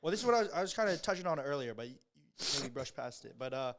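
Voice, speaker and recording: A man's voice: medium pitch, animated, very fast, fairly bright tone. A twenty-one-year-old man co-hosting a podcast, talking in a laid-back, hesitant way with many fillers. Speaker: podcast co-host. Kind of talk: casual chat.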